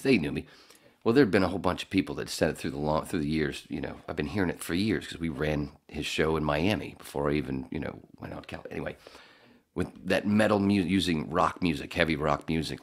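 A man who does radio voiceover, telling a rambling, profane story in casual podcast chat. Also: a bass voice. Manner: rambling, profane, animated when mimicking.

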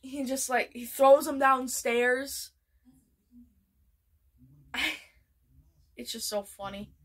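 Excitable bright-voiced woman vlogger. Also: high voice, drawn-out words. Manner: excitable, rambling, lots of fillers. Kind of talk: casual show ranking.

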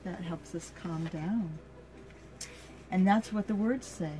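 An older woman reading a picture book aloud to her grandchild, slow and gentle, stopping to ask the child questions. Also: on the low side.

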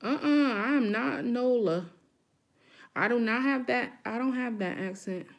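A woman's voice: a little high, a little slow, gravelly. A woman hosting a live chat with her viewers, talking frankly and emphatically straight to them.

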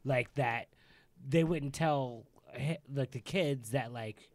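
Halting young man in a casual chat, dry sound. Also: mid-range voice, dry recording. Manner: halting, lots of "like" and restarts.

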